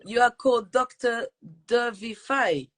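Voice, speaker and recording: Speaking on the low side at a measured pace, with a crowd audible behind her, a French-accented woman who teaches hosts a live-streamed conversational interview. Her manner is chatty and warm, full of fillers and apologies.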